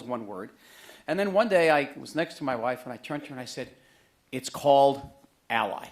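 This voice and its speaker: Middle-aged guy giving a book talk, fairly high voice, jokey and animated, museum hall mic. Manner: conversational, joking, animated storytelling. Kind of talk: public lecture to an audience. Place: museum auditorium with a live audience.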